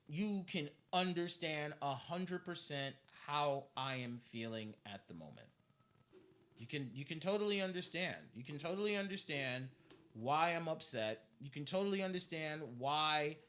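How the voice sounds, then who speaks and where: A man's voice: high voice, bright, forceful tone. A man ranting on a live stream, heated and profane, repeating himself as he vents.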